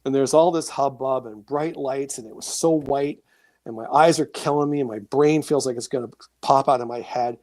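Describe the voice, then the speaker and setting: Male guest, gravelly, animated storyteller, dry close sound. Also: medium pitch, moderate pace, no echo. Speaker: guest, author and paranormal experiencer. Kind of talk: storytelling in a casual interview.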